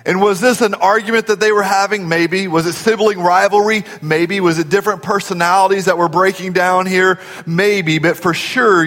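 A man's voice: sits high, bright, forceful tone, long reverb tail. Conversational male pastor preaching. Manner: folksy and conversational, asks the audience questions. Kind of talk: sermon.

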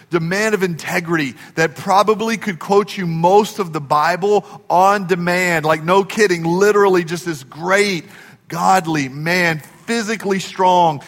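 A man preaches with a high, lifting voice, impassioned and pressing his points to near shouts. His words ring out in a big church sanctuary with a long hall reverb trailing after each phrase. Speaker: pastor. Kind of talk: sermon.

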